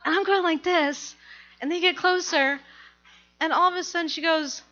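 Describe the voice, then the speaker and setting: A middle-aged woman telling a personal story to an audience, animated and laughing as she goes. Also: very high-pitched, normal speed, highs cut off.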